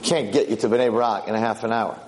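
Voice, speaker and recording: A man voicing a blunt Israeli taxi driver, speaking low and curt. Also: fairly even intonation, fairly quick, a little mellow, slight background noise, close to an everyday voice, rough recording.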